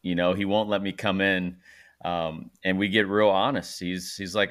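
Casting note: laid-back male host, low voice, opens up. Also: moderate pace, smooth. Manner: relaxed, says bro, open about himself. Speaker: podcast host. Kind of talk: casual chat.

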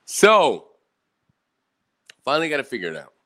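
A man's voice: mid-range voice, wildly swooping pitch, normal speed, sharp tone. A man hosting his own live online show, ranting angrily and swearing constantly, checking in with "right?" after each point. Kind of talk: angry profane livestream rant. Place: indoor room with bright light and a fan.

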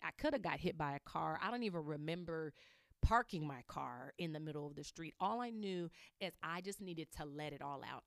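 Earnest woman host, low voice, dry. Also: smooth, dry recording. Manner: earnest, emphatic, with fillers. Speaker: podcast host. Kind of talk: personal storytelling monologue.

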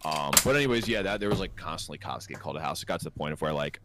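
A man's voice: rumbling low, expressive, racing, bright, forceful tone. A man co-hosting a podcast, telling stories in a laid-back, profane, casual way. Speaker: podcast co-host. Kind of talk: casual storytelling chat.

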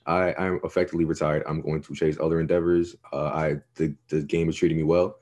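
A young man with an extremely deep, dark and mellow voice, co-hosting a sports podcast. He talks in a loose, rambling way and swears freely. His tone stays laid-back and casual. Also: level tone, fast. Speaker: podcast co-host.

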